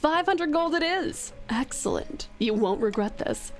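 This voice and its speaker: A woman's voice: high voice, animated, a little slow, faint music behind. A woman voicing a sweet-natured male courtier who speaks in a flowery, courtly way. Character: sweet-voiced male courtier offering a wager.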